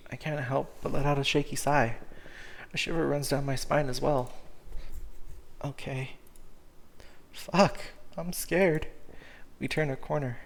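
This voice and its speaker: A man reads a visual novel aloud to his viewers, emotional and correcting himself often as he goes. His voice sits at a middle pitch and has a gravelly grain. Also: little pitch movement, moderate pace. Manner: emotional, frequent self-corrections. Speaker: game streamer.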